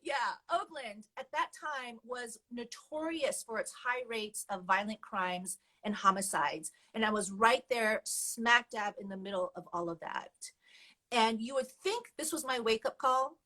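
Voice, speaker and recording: A woman shares her life story as a guest, speaking candidly and with animation. Her voice sits a bit high, and she often laughs as she talks. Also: lively intonation, measured pace, pushed and bright, rough recording. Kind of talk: personal testimony storytelling.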